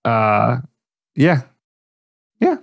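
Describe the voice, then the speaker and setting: A man's voice: mid-range voice, huge pitch swings, extremely slow, gravelly, no echo, highs cut off. A man co-hosting a podcast, talking in a laid-back, dry way. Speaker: podcast co-host. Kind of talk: casual chat.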